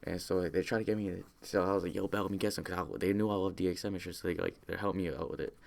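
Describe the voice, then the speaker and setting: This vlogger is a young man with a deep, gravelly voice who races through a meandering personal story, keeping his intonation fairly even. He talks in loose slang, stumbling over fillers and restarts.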